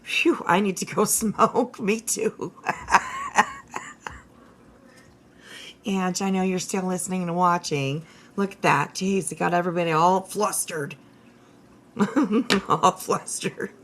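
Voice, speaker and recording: In a fairly low, husky, slightly bright voice whose pitch swoops wildly, a woman takes her time and pauses often. She's hosting a casual livestream, ranting bluntly and profanely to chat with many fillers and restarts.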